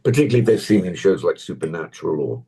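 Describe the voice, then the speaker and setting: Older English actor, gravelly low husky voice, rambling anecdotes on a video call. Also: male voice, very animated, very fast, dark tone. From England. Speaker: actor guest. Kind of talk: casual interview chat. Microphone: tablet on a video call.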